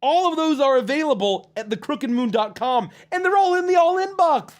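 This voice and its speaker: Male stream host with a high voice, casual and profane, joking through viewer messages. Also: lively intonation, normal speed.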